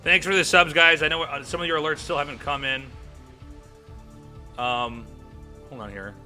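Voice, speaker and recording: A man's voice: a little high, steady tone, normal speed, bright, forceful tone, soft background music. A man hosting a game stream, casting a match and chatting casually with viewers. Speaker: caster and stream host.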